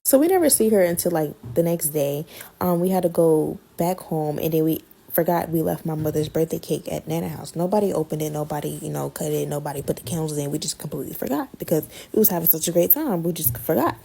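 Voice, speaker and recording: A woman tells a story on her podcast in casual, slangy chat. Her voice is husky and gravelly, with a low, mellow tone. She swings between loud outbursts and hushed asides. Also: fast. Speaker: podcast host telling a story.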